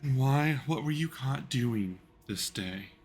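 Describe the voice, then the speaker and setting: A man's voice: medium pitch, lively intonation, takes it slowly, a little mellow, slightly rough, soft background music, pitched above the performer's own voice. A man voicing a cruel, haughty female vampire bride who talks in a mocking, imperious way. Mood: taunting.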